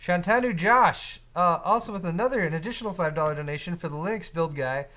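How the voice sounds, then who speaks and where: Male co-host, slightly raised pitch, casual live-stream banter answering viewer questions. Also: fast, slight background noise. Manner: relaxed, reads viewer donations aloud; frequent fillers and restarts, conversational. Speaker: co-host of a hardware show.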